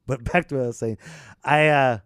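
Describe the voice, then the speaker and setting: A man hosting a podcast, ranting sarcastically and swinging between loud and muttered. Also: mid-range voice, fairly even intonation, normal speed, clear, resonant tone, dry recording, studio quality. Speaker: podcast host. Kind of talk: casual ranting chat.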